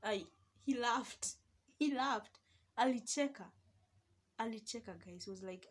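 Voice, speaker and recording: A young Kenyan woman talks straight to her viewers in a chatty, animated vlog. Her voice sits a little high, and she moves freely between Swahili and English as she tells her story. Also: unhurried, pauses often. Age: young adult. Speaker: vlogger. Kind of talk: casual storytelling.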